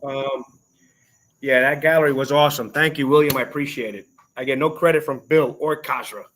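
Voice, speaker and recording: Mid-pitched male stream guest, blunt and profane in casual chat. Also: steady tone, a little fast, fairly bright tone, a little hiss or hum. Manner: blunt, swears, frustrated by bad connection. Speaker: art seller guest.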